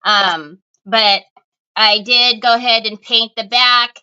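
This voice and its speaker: Woman host for a home craft livestream: high pitched, slow and easygoing, giggly chat, slightly dull phone audio. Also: steady tone, pushed and bright, clear, resonant tone. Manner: chatty, giggly, greets viewers by name. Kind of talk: casual livestream chat greeting viewers.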